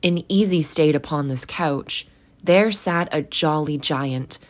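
A woman's voice: deep voice, slow pace. A young adult woman reading a classic story aloud, then chatting affectionately with her listeners. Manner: warm, affectionate, encouraging. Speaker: audiobook reader and podcast host. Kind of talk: storybook reading and casual sign-off.

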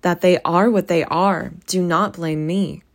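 A woman reading a solemn ghost, firm, measured, low voice, storybook. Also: steady tone. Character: solemn spirit of past Christmases.

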